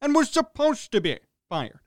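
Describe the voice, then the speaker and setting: High-pitched, exasperated male sports radio host. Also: wildly swooping pitch, dry recording. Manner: exasperated, sarcastic, rapid-fire short fragments. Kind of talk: sports talk radio rant.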